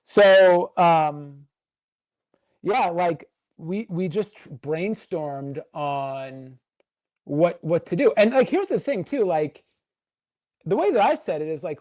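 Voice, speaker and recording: A former wrestling writer appears as a podcast guest in a casual storytelling interview, rambling through a long backstage tale full of fillers and acting out what others said. His voice is on the high side and darkish, with lively intonation, a slow pace, and no echo.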